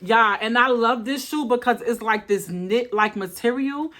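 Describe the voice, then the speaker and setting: A chatty woman. She talks straight to her viewers in an animated way, sounding tired and a little out of breath. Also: a little high, normal speed. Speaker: fashion haul vlogger. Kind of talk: casual chatty haul vlog.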